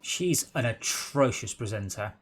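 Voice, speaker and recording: A man's voice: medium pitch, expressive, unhurried, a little hiss or hum. A man in blunt, teasing banter while playing a game on stream, often stumbling over his words. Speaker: gaming stream regular.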